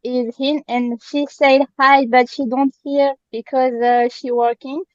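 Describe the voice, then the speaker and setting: A woman with a French accent, a fan speaking in halting, apologetic English as she searches for words on a video call. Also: high voice, level tone, no echo, muffled recording. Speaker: fan asking a question. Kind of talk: casual chat.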